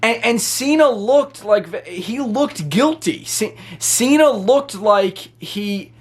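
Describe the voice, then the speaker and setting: Brief: high-pitched male wrestling reviewer, excitable, rambling casual recap. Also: slow pace. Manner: excitable, rambling with many restarts.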